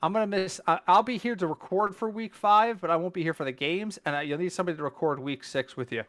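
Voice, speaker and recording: Guy cohosting a podcast, kinda high voice, emphatic, trips over his words a lot. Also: fast talker. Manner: emphatic, lively, restarts and stumbles when recalling. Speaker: podcast co-host. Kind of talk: casual podcast chat.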